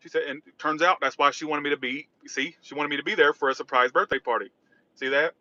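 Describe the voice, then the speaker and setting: A man's voice: fairly high pitch, fast, bright, forceful tone, dull audio. A man chatting casually on a livestream while driving, rambling and reacting to chat. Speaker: tarot reader livestreaming. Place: in a car driving.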